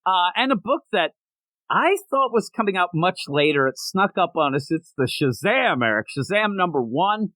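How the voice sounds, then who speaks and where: A man's voice: high voice, very animated, normal speed, bright, forceful tone, no echo. A man co-hosting a casual comic book podcast, rambling and laughing often, swearing freely. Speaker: podcast co-host. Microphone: remote recording setup, not in the same room.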